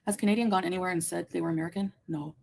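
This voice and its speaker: A woman's voice: on the low side, fairly even intonation, rapid-fire, vocal fry, background noise. A woman co-hosting a casual livestream, reading viewer comments aloud and chuckling. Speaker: livestream co-host.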